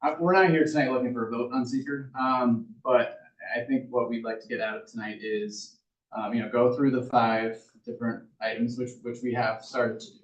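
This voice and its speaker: A man representing an applicant before a town board, hesitant with frequent pauses and ums. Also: medium pitch, level tone, highs cut off. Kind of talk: presenting at a public meeting. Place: municipal meeting room. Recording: echoey room, voice far from mic.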